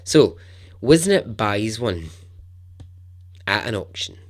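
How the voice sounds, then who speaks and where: A man hosting a storytelling podcast, narrating in a chatty, animated way with asides. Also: on the low side, takes it slowly. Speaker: podcast host.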